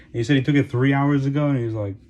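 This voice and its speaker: A man's voice: mid-range voice, darkish tone, slight background noise. A man telling a story in casual, rambling speech, heavy on profanity, often laughing and trailing off into mumbles. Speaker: vlogger.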